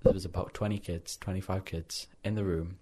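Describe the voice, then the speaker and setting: A young man in casual chat, an animated storyteller who laughs often. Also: deep voice, fairly quick.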